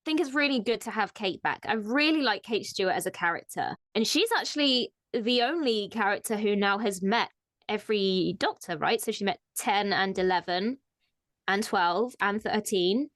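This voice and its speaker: In clean, dry studio sound, a woman with a medium-pitched, somewhat bright voice chats animatedly at a moderate pace. She's co-hosting a casual fan talk about news and frequently laughs partway through her sentences.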